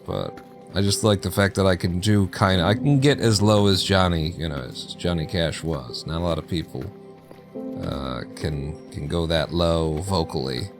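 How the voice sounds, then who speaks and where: A man's voice: deep voice, normal speed, music in the background. A man chatting casually through live gameplay, joking, laughing and talking to himself as he plays. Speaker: streamer.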